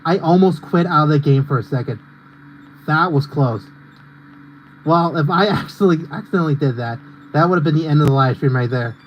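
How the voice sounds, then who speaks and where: A man's voice: fairly high pitch, dull audio, slight background noise. A young man streaming a racing game, rambling and ranting in casual commentary with lots of fillers. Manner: rambling and ranty, heavy on fillers.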